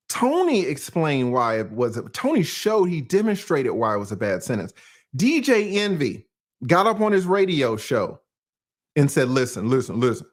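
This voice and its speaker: A man from Atlanta, hosting a casual, profane livestream commentary, often laughing. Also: high-pitched. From Atlanta, USA. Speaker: YouTube commentary host.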